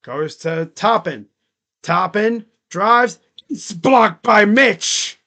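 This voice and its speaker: A man's voice: high-pitched, expressive, extremely slow, sharp tone. A man giving casual live play-by-play and reaction commentary on a basketball game, rambling and saying "like" a lot. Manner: casual, rambling, heavy use of "like".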